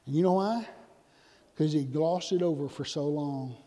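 A man preaching a sermon in a church, animated and conversational with sudden loud outbursts. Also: fairly high pitch, normal speed. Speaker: pastor. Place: church sanctuary. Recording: long hall reverb.

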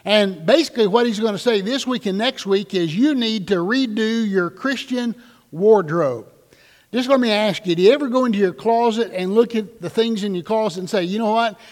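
High-voiced emphatic male pastor preaching. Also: darkish tone, in a large hall. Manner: emphatic, slows right down on key phrases, asks the congregation questions. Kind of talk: sermon. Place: church sanctuary with congregation.

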